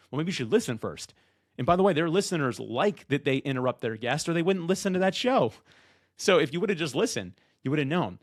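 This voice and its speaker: A man who talks loud and fast, coaching people on being podcast guests in an energetic, direct-to-camera way, often acting out what guests and hosts say. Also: a little high, no room sound, studio quality.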